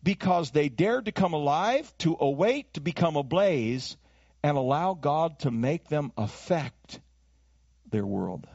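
Man, pastor, sermon, high voice, very lively pitch, dull dry lo-fi recording. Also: a little slow, no echo. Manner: animated preaching, acts out voices and accents.

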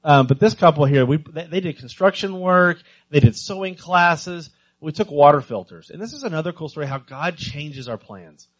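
A man giving a missions talk to a church congregation, telling stories with lively energy and often stumbling over repeated words. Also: fairly high pitch, lo-fi sound. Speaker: visiting missions speaker.

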